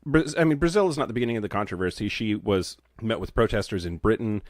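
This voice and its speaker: A male podcast co-host in casual chat, wry and deadpan, swearing freely. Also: lowish voice, fast, no echo, clean studio sound.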